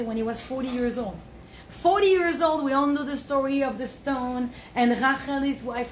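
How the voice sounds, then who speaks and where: Animated high-voiced woman teaching in an echoey room. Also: slight background noise. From south of France. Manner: animated storytelling, laughs often; mixes in Hebrew and Yiddish terms. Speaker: Torah teacher. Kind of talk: Torah class to a live audience. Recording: roomy echo, faint ambience.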